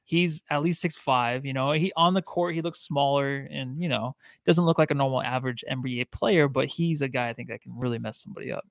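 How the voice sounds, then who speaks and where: A man's voice: mid-range voice, a little fast, gravelly, hardly any pauses, no echo, studio quality. A man co-hosting a casual sports podcast in an easygoing, rambling way. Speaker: podcast co-host. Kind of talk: casual chat.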